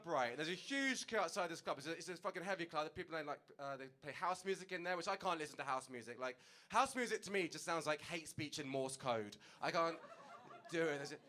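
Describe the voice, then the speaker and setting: A young man doing a stand-up comedy set on stage, telling a story with animated delivery and acted-out dialogue. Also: fairly high pitch. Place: comedy stage before an audience.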